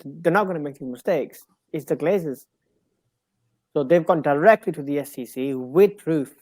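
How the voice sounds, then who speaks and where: A man's voice: a little high, a little mellow, no room sound. Hesitant man, dry sound. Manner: hesitant, restarts, quick agreement. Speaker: podcast co-host. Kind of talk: casual football podcast chat.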